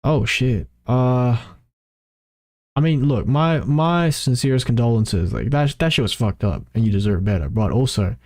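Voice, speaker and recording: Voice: mid-range voice, expressive, moderate pace, darkish tone. Rambling casual streamer. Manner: casual, rambling, swears, repeats lines to practice delivery. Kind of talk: live game commentary and reading aloud.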